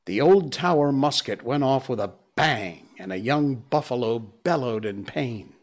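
A man reads a classic novel aloud at an unhurried pace. His voice sits at a middling pitch, and he breaks in with relaxed, chatty asides. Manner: relaxed and chatty between passages. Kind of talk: storybook reading aloud.

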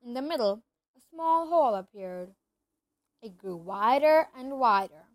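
A woman reads a children's storybook aloud in steady narration, now and then tripping and starting a phrase over. Her voice sits high. The recording is close and dry, with no room echo. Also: measured pace. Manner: steady narration with occasional slips and restarts. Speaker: reader.

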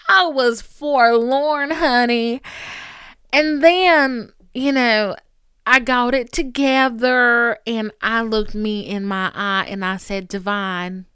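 A young woman hosting a solo podcast, talking candidly in an animated, profane, playfully dramatic way. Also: fairly high pitch, slow pace, clear, resonant tone, no echo, clean studio sound. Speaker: podcast host.

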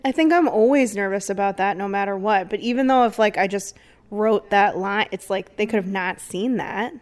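A young woman co-hosts a casual podcast chat. She rambles a little, filling her sentences with likes and ums. Her voice sits at an ordinary middle pitch and she laughs easily. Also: moderate pace, a little mellow. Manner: chatty, many fillers, laughs often. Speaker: podcast co-host.

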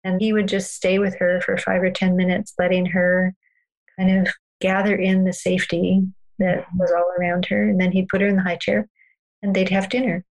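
A woman guest telling parenting stories in a calm, earnest, unhurried way during a podcast conversation. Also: fairly low pitch, low-quality recording.

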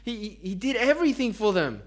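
Man, preacher, high voice, chatty sermon, rhetorical questions, self-mocking jokes. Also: big pitch swings, fairly quick. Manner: conversational, asks the congregation rhetorical questions; self-deprecating humor.

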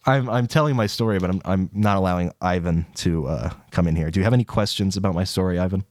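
A fast-talking young man, a college student and podcast co-host, rambles through a long story in casual conversation, swearing and laughing as his voice jumps high in quotes. The sound is clean studio audio without echo.

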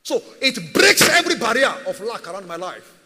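A man's voice: sits high, big pitch swings, a little fast, bright, forceful tone, long reverb tail. A man preaching a sermon as a pastor, emphatic and repetitive, firing rhetorical questions at his church.

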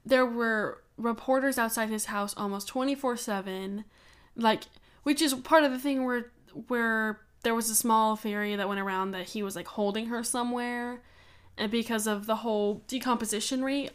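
Co-hosting a true-crime podcast, a young woman speaks in a somewhat high, clear, resonant voice at an ordinary speed with fairly level intonation. Her talk is casual and opinionated, punctuated by frequent laughter and cursing.

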